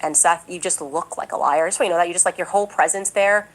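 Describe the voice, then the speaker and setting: In a podcast monologue, a woman political commentator speaks at a quick pace with a fairly low voice, sounding indignant and emphatic. Insistent repetition drives her points, and she ridicules others by raising her voice in exaggeration. The sound quality is poor.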